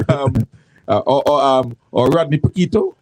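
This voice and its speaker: A man's voice: mid-range voice, a little slow, a little mellow, breathy edge, no room sound, poor audio. A man hosting casual morning radio, rambling with restarts and local slang. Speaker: radio host. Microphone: studio microphone.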